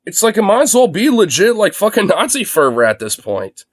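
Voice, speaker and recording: A man's voice: high-pitched, very animated, fairly quick. A young man streaming live from his phone, ranting sarcastically and profanely through his commentary. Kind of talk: livestream commentary rant.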